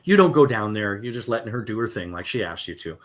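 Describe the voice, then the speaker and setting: A man runs a tabletop game as game master, narrating the scene in a loose, casual way. He fills pauses with ums and restarts his sentences. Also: on the low side, animated. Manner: casual, filler-heavy narration.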